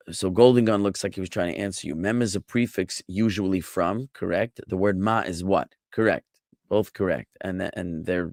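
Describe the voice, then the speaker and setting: A man's voice: deep voice, gravelly, no echo, studio quality. An American man, a rabbi, teaching a live online Bible class, explaining patiently and answering questions from the chat. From United States.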